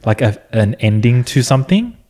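A man's voice: mid-range voice, sing-song, normal speed, dark tone. A young man in casual couple chat, arguing his side with self-mocking humor. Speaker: vlogger.

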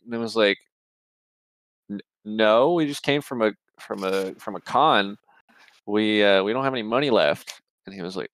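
A man's voice: on the low side, moderate pace, fairly bright tone, no room sound. A young man telling a long story in casual podcast chat, rambling and swearing, with many fillers and restarts. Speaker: podcast co-host.

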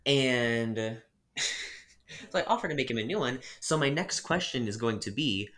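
A man chatting casually on a podcast, telling a story from his job. His pitch jumps around a lot as he acts out both sides of the exchange, and he punches the key lines with exasperation. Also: unhurried. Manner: animated, acts out customer dialogue with exasperated emphasis. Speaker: podcast co-host.

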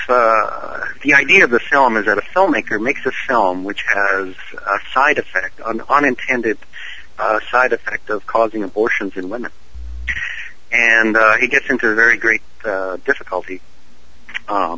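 A man's voice: medium pitch, bright, forceful tone, no echo, highs cut off. A male actor being interviewed over a call, friendly and talkative, explaining at length with frequent uhs. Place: on a call from his home city.

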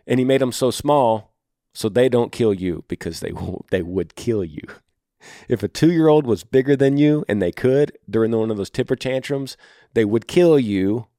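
A man's voice: mid-range voice, expressive, normal speed, mellow, dry recording, studio quality. A man hosting a podcast, giving earnest, encouraging advice to a listener and repeating his key phrases. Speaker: podcast host. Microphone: studio microphone.

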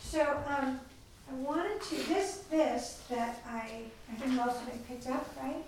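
A woman leading a parenting class for a small group, chatty and lively in how she tells stories. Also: high-pitched, unhurried, background noise. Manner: chatty, acts out quoted voices. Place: meeting room with a small group. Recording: echoey room, mic far off.

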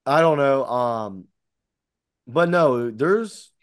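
A man's voice: mid-range voice, lively intonation, very slow, smooth, no echo, clean studio sound. A man co-hosting a casual podcast, rambling with fillers and restarts. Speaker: podcast co-host. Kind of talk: casual chat.

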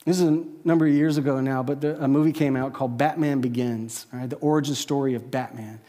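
A man preaching a sermon to a church congregation in a conversational way, often checking in with his listeners with a quick "right?". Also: medium pitch, fairly even intonation, warm tone, long reverb tail. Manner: conversational, peppered with "right?" tag questions. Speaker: pastor. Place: church service with a live audience.

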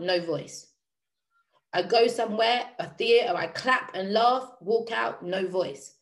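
Emphatic woman coach in an echoey room. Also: medium pitch. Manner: animated, emphatic, with rhetorical questions. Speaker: life coach. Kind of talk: motivational talk to a live audience.

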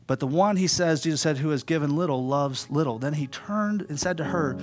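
A middle-aged man preaching a sermon in an animated way, rising loud then dropping soft for emphasis. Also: on the high side, moderate pace, soft background music. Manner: animated preaching, voicing quoted speakers, drops to soft emphasis. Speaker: pastor.

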